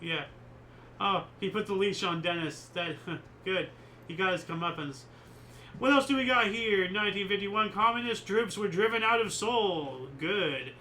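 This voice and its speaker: A man's voice: high-pitched, unhurried, pushed and bright, a little hiss or hum, rough recording. A man hosting a casual history chat show, reading out dates and chatting about them in a rambling, opinionated way with many fillers. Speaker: host.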